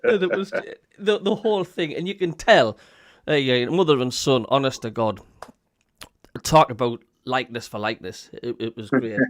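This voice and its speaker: Speaking mid-range at a normal speed with no room sound, a man with a Sunderland accent hosts a casual podcast. His storytelling is animated, peppered with laughter and quoted voices.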